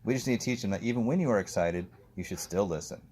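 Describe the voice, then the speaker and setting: A man working as a dog trainer, coaching an owner outdoors in an animated, explanatory way. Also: lowish voice, fast, a little hiss or hum. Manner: explanatory, animated, acts out the dog's thoughts.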